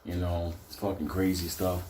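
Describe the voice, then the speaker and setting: A man's voice: little pitch movement, moderate pace, reverberant, noisy background. A man telling a rambling, profane comic story about his own past, often breaking into laughter. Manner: profane, laughs often, raises his voice high for quoted lines.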